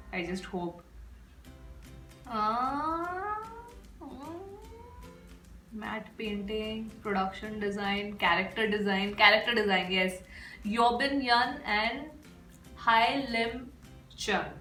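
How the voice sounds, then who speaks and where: A woman's voice: mid-range voice, a bit bright. Gushing woman in an echoey room. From India. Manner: gushing, effusive. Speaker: reaction video host. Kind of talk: casual reaction vlog. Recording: echoey room with faint music.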